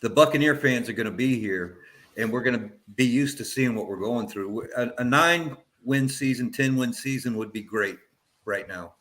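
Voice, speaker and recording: A man co-hosting a casual sports talk show. He speaks at an ordinary mid pitch and muses in a relaxed way, hedging his predictions as he goes. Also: normal speed. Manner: laid-back, hedging, musing.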